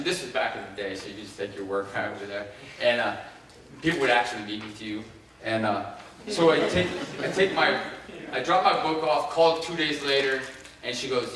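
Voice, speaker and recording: A middle-aged man from Ohio tells his story in a keynote, acting out the voices of the people he quotes. He sounds far from the mic in a strongly echoing hall, with faint room noise behind him. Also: medium pitch. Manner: animated, acts out quoted voices. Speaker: keynote speaker. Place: large conference hall. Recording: echoey hall, heard from far off.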